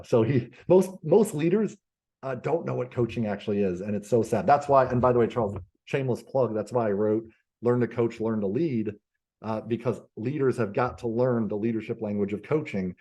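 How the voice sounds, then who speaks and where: A man's voice: medium pitch, fairly quick, dark tone. A man being interviewed as a business coach, telling stories animatedly with lots of fillers and restarts. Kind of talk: conversational podcast interview.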